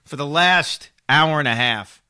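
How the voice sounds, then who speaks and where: Excitable high-voiced New radio host. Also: male voice, a little slow, smooth, dry recording, studio quality. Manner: excitable, building to near-shouting enthusiasm. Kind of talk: sports talk radio.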